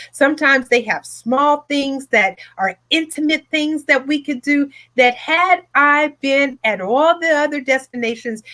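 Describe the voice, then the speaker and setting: A woman hosting a retreat, telling her story in a motivational talk with an emphatic, repetitive, animated delivery from her home office. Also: sits high. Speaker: retreat host, speaker.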